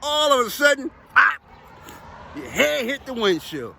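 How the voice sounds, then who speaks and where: A man's voice: extremely high pitch, sing-song, moderate pace, vocal fry, pushed and bright. A man who operates heavy equipment, telling profane, emphatic, rambling stories about the job in casual talk outdoors near traffic. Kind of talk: casual storytelling to camera.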